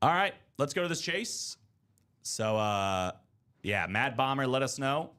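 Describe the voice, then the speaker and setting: A man's voice: mid-range voice, sing-song, a little slow, bright, forceful tone, clear, resonant tone. A man hosting a live card break stream, chatting casually and joking in rambling banter.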